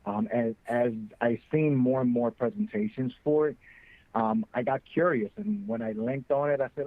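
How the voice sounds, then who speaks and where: A man with a gravelly voice calls in to a panel over a phone line. The sound is tinny and narrow. He talks earnestly and with energy, restarting his sentences as he gathers his thoughts. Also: mid-range voice, normal speed, no echo. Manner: earnest, animated, repeats words when starting. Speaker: panelist, program graduate. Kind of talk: casual panel talk by phone.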